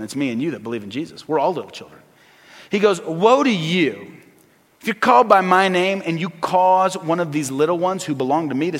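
A man preaching a sermon as pastor, swinging between loud emphasis and hushed, earnest asides. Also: on the high side, husky, long reverb tail.

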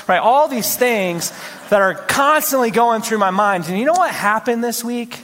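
Pastor guy preaching, kinda high voice, lively storytelling, big echoey hall. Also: normal speed. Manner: animated storytelling, rising to exclamations. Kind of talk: sermon. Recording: long hall reverb.

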